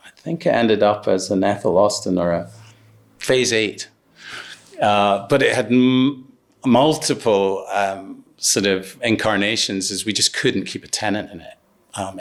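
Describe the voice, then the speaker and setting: Man, low-voiced, hesitant storyteller. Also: fairly bright tone. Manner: hesitant, many ums and restarts. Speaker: business partner guest. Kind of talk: anecdotal interview storytelling.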